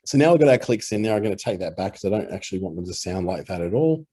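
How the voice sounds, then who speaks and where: In a relaxed screen-recorded tutorial, an Australian man walks through audio editing, dropping in easy fillers. His lowish, slightly rough voice races along very fast.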